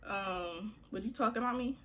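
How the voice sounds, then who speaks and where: A woman's voice: mid-range voice, normal speed, fairly bright tone, a little hiss or hum. A young woman vlogger telling a story to her viewers in a chatty, slangy way, often calling them y'all.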